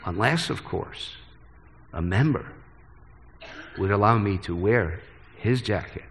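A man preaching a sermon earnestly, moving from hushed phrases to emphatic ones. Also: on the low side, expressive, slow, slight background noise. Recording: long hall reverb.

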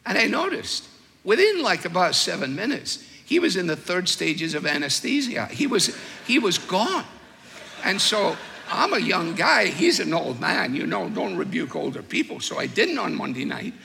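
An older man preaching a sermon, telling stories with wry humor and slow, weighed emphasis. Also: sits high, very animated, creaky, pushed and bright, in a large hall.

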